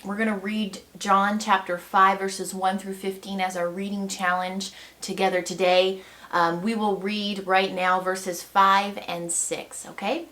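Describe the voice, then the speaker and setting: A woman's voice: medium pitch, level tone, measured pace, few pauses, fairly bright tone. A woman giving a devotional Bible teaching in an earnest, reflective manner.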